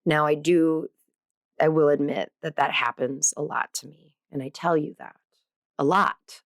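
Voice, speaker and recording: Woman podcast host, lowish voice, dry close sound, bubbly and self-mocking, heavy on filler words. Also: fairly even intonation, measured pace, no room sound. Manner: chatty and self-deprecating, with many fillers; bubbly, playful asides. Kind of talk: casual podcast monologue.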